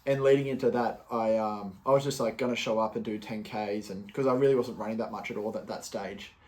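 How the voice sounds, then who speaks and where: Guy, young, solo podcast host, relaxed ramble full of ums and restarts. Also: lowish voice, brisk. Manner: loose and chatty, many fillers and restarts. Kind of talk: casual solo podcast talk.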